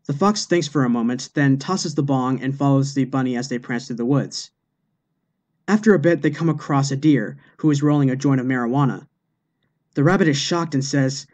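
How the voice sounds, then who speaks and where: A man reading jokes aloud in a steady, deadpan narration. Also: mid-range voice, moderate pace. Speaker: joke narrator.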